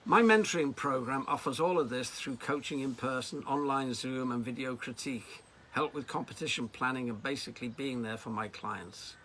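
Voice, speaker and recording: Bright-voiced man telling stories. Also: mid-range voice, moderate pace, slight background noise. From Liverpool. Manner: anecdotal, lively delivery with acted quotes. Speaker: horse riding coach. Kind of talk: personal storytelling.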